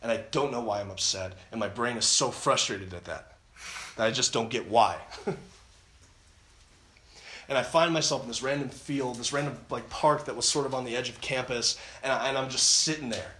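A man's voice: medium pitch, normal speed, bright, forceful tone, slight background noise. A man giving an earnest personal testimony at a camp, retelling his story with many restarts and repeated phrases. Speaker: camp speaker. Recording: roomy echo.

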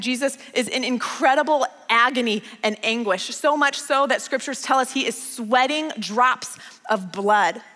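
Bright-voiced woman pastor preaching. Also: a little high, long reverb tail. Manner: storytelling, emphatic repetition. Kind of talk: conversational sermon.

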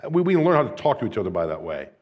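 A man's voice: lowish voice, big pitch swings, rapid-fire, highs cut off. A man preaching a sermon, moving between conversational asides with light humor and more intense, rising delivery when he reads scripture and asks rhetorical questions. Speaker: pastor.

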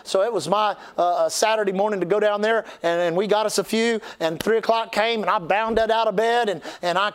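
A man's voice: high voice, steady tone, a little fast, hardly any pauses, clean tone. An older man, a pastor telling a folksy, humorous story in a sermon, with lots of restarts. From Texas.

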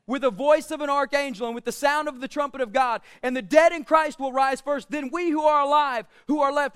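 A male pastor with a strikingly high voice preaches, building to loud, emphatic declarations before dropping into quieter, joking asides. His tone is smooth and resonant, and he quotes scripture with rising force. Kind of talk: sermon.

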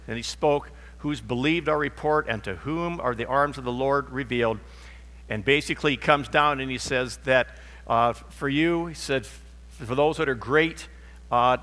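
A middle-aged man preaches in a church sanctuary, his tone bright and forceful. He tells stories and acts out their dialogue. A long reverb from the large hall hangs behind his voice. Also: mid-range voice. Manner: storytelling, acts out dialogue in quotes. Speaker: pastor. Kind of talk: sermon.

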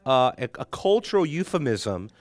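A man's voice: medium pitch, very animated, moderate pace, no echo. A man teaching a Bible class in a conversational lecture, joking with and teasing his students and laughing often.

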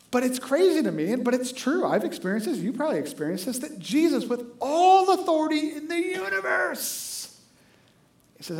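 A man preaching a sermon as pastor, animated and conversational, often asking "right?". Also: very high voice, reverberant.

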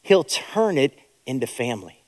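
A man preaching as a pastor, earnest and consoling, dropping to hushed emphasis. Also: mid-range voice, very animated, normal speed, in a large hall. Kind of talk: sermon.

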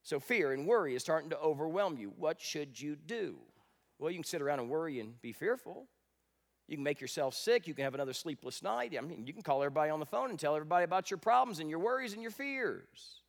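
A man with a rather high voice preaching a sermon. He swings between dramatic, raised bursts and hushed, earnest stretches. His delivery is that of a pastor addressing his congregation. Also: animated, fast, vocal fry.

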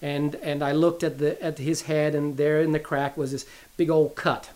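A man's voice: on the high side, level tone, normal speed, a little mellow. A middle-aged man giving an earnest, sermon-style Bible teaching, repeating key phrases for emphasis as he tells a family story.

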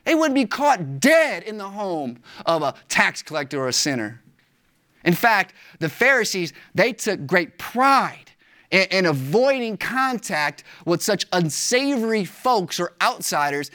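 A pastor preaching a sermon. The delivery is animated and emphatic, with casual slang. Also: medium pitch, unhurried.

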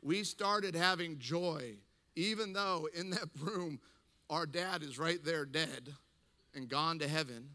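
A man speaking to a men's gathering, telling a funny story in an animated way, laughing and acting out voices. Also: on the high side, slow pace, in a large hall. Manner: animated, acts out quoted voices, laughs often. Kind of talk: humorous storytelling talk.

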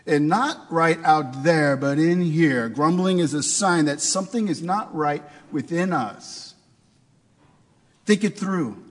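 A man's voice: fairly high pitch, slow pace, big-room sound. A man preaching a sermon in a conversational way, asking his listeners rhetorical questions. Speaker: pastor.

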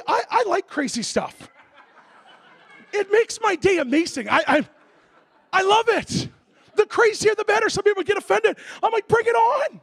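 A man preaching a sermon as a lively story, acting out voices and making comic sound effects. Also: very high voice, vocal fry, no room sound. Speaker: pastor.

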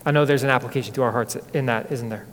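A man's voice: medium pitch, steady tone, very fast, a little hiss or hum. A male pastor preaching a sermon with earnest, dramatic storytelling in a church sanctuary. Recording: echoey hall reverb.

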